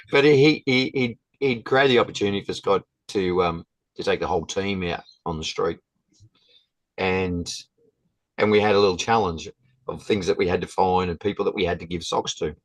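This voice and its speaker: A man, a guest telling a story in a halting, casual way with many restarts. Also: low voice, no echo, low-quality recording.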